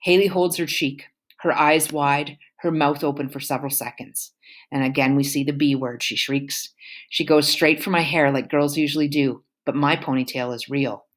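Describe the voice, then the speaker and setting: A woman reading a first-person novel aloud in an expressive, emotional way. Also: deep voice, moderate pace. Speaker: audiobook reader.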